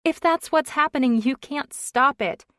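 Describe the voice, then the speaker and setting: A woman's voice: high voice, fairly bright tone, dry recording, clean studio sound, pitched above the performer's own voice. A woman voicing an indignant pregnant young woman. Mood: alarmed. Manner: exasperated, rapid outbursts. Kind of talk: audiobook character reading.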